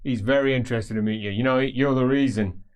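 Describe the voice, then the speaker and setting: A man's voice: medium pitch, fairly even intonation, a little fast, a little mellow, clear, resonant tone, natural voice. A man doing a chummy scarred brute. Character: huge scarred brutish male thug, cheerful.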